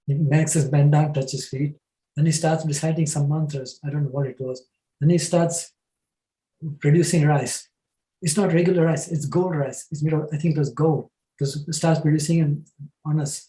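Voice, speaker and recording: A man's voice: on the high side, moderate pace. Older man telling a story, echoey room. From from New Jersey. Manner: relaxed anecdotal storytelling with chuckles. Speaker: panelist. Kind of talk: storytelling in a panel talk.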